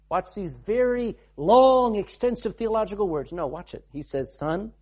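A man preaches with a lively, rising and falling pitch. He moves from booming lines to hushed ones and reads scripture in old-fashioned wording. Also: normal speed, few pauses. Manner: dramatic, swings from loud to hushed. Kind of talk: sermon.

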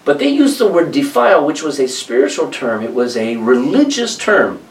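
A man preaching a sermon, reading scripture aloud and explaining it with lively asides. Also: a little high, normal speed, echoey room, distant mic, low-quality recording.

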